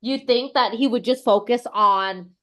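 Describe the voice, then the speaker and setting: A woman co-hosting a casual fan chat podcast, chatty and quick to agree and chime in. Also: fairly high pitch, fairly bright tone. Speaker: podcast co-host.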